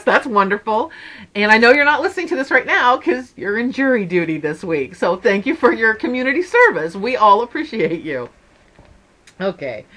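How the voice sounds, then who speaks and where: A woman's voice: medium pitch, a bit bright. A middle-aged woman hosting her stitching channel, chatting to viewers in a rambling, storytelling way. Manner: chatty storyteller, wanders off on tangents. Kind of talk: casual chat to viewers.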